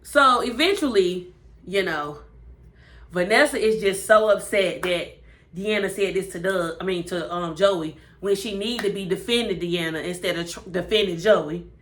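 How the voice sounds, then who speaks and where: A woman giving a chatty, animated recap of a TV episode and acting out the characters' lines. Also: fairly low pitch, moderate pace. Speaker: TV show reviewer.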